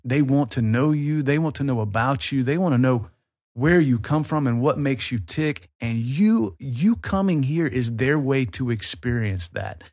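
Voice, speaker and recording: A man's voice: mid-range voice, expressive, moderate pace, darkish tone. A man with an American Southern accent, a guest on a podcast interview, speaking in an earnest, persuasive and inviting way. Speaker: tour company guest.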